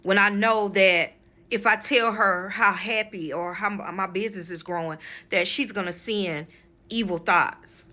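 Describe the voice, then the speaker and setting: A woman with a bright, forceful voice tells a personal story straight to her viewers in a casual vlog. She is frank and emphatic, calls her audience y'all, and swears freely. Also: medium pitch, steady tone, unhurried. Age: adult, married with children. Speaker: spiritual channel host.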